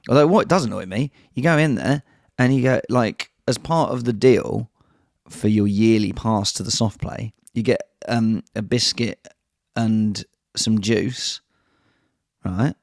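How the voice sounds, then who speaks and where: A man hosting a podcast in casual chat, an animated storyteller who swears freely and acts out voices. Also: on the low side, unhurried, vocal fry, no echo, clean studio sound. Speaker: podcast host.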